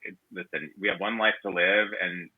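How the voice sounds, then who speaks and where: A man's voice: low-pitched, normal speed, slightly rough, phone-quality sound. A man who works as a hair designer, chatting as a podcast guest and acting out the people in his stories. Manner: animated storyteller who acts out quotes. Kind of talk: casual podcast interview.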